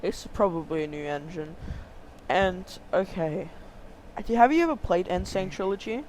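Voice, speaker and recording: A man's voice: high-pitched, normal speed, a little mellow, a little hiss or hum, poor audio. A man co-hosting a casual game podcast, rambling with lots of fillers and pushing to stay on topic. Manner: rambling, filler-heavy, keeps steering back to topic. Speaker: podcast co-host. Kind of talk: casual chat about video games.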